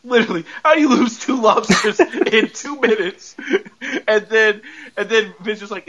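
A high-pitched man with a bright, forceful voice hosts a podcast and recaps a show in a loose, rambling way, laughing as he goes. The recording sounds dull and lo-fi. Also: unhurried. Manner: laughs often while retelling, rambling with repeated "and then". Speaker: podcast host. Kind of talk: casual recap of a TV episode.

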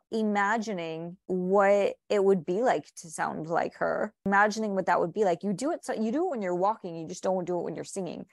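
A woman's voice: mid-range voice, vocal fry, dry recording, studio quality. A woman speaking as a client in a hypnosis session, rambling earnestly and encouragingly with many fillers and restarts.

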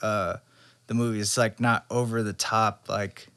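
A young man with a lowish voice co-hosts a casual podcast and rambles through his thoughts. He talks loosely, stacking fillers and restarts as he goes. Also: a little slow, smooth. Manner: rambling, animated, full of fillers. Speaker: podcast co-host. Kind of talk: casual chat about movies.

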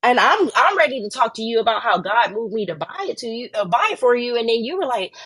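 A young woman co-hosting a faith podcast, telling her story in an animated way and jumping into high voices when she quotes people, sounding tired and worn down. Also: fast talker, breathy edge. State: tired and under the weather. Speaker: podcast co-host. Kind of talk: casual faith podcast chat.

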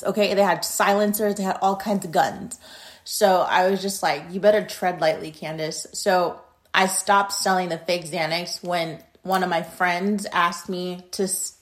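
A young adult woman hosting a podcast, telling a rambling story in a casual, profane and blunt way. Her loudness swings between emphatic bursts and muttered asides. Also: mid-range voice. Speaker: podcast host.

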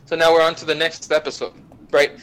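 A man's voice: a little high, rough recording. Young man cursing through an anime recap. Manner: profane, animated retelling with quick voices for characters. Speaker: podcast guest.

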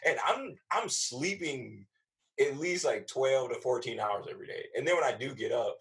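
A man's voice: moderate pace, gravelly, rough recording. Slangy male comedian telling a story. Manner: animated, acts out quoted voices with big pitch jumps; slangy and profane. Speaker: comedian guest. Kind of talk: casual storytelling chat.

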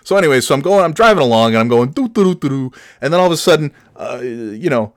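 A man's voice: medium pitch, lively intonation, fast talker, no room sound, studio quality. A middle-aged man hosting a podcast, telling a comic story in a rambling, self-mocking way that drops into mumbles. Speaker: podcast host.

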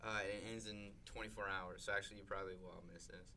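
A man's voice: on the low side, little pitch movement, fast talker, bright, forceful tone, slight background noise. A man hosting a casual comedy podcast, rambling through his thoughts with lots of "like" and frequent laughter. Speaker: podcast host. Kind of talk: casual chat.

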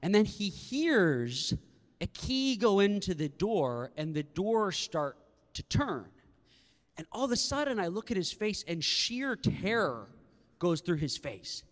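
A man's voice: sits high, big pitch swings, takes it slowly. A man in his thirties preaching a sermon, telling stories with animation and talking to the crowd in a large hall. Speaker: pastor. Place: large hall with a live audience. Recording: long reverb in large hall.

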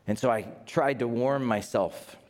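A man's voice: mid-range voice, a little slow, a little mellow, lightly acted. A man voicing a remorseful male disciple in the first person, speaking in a confessional tone as part of a church sermon. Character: remorseful male disciple recalling his denial.

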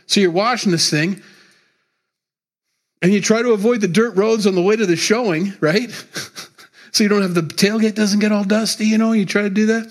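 A man pastor preaching a sermon, emphatic and repetitive, with sudden loud rises and quiet drops. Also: high-pitched, moderate pace, pauses often.

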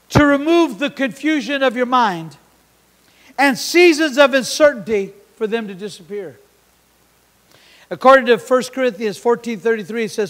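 A male pastor preaching an impassioned sermon, swinging from hushed asides to shouting. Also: extremely high pitch, normal speed. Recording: long hall reverb.

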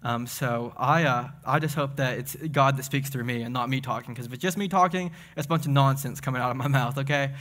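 Here a young Tennessee preacher with a speech impediment rattles through a relaxed, humorous sermon, excitable and quick to make fun of himself. His voice is bright, with a medium pitch.

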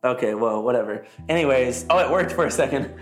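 A young man co-hosting a podcast in slangy, profane casual chat, telling animated stories. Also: medium pitch, fast talker, soft background music. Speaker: podcast co-host.

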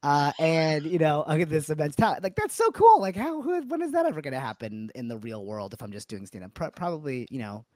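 A man's voice: fairly high pitch, big pitch swings, darkish tone, dry recording. A man in his forties from New Hampshire, a guest comedian telling stories in a casual podcast chat, laughing often and restarting his sentences. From New Hampshire, USA. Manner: chatty storyteller with quick restarts and frequent laughs.

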